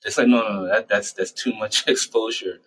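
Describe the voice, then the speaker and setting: A man speaking as a child psychiatrist in an interview, explaining his work in a lively way and acting out parents and teens in short quoted asides. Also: on the low side, slight background noise, poor audio. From United States. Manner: animated, acts out parents and patients in quick quoted asides. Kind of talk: conversational interview answers.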